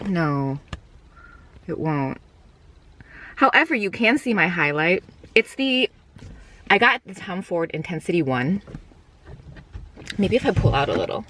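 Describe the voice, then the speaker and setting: A woman's voice: fairly low pitch, sing-song, unhurried, pauses often, a bit bright, slight background noise. A young woman talking casually to the camera in a beauty vlog, chatty and rambling, with lots of fillers and small laughs. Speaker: beauty vlogger. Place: at home.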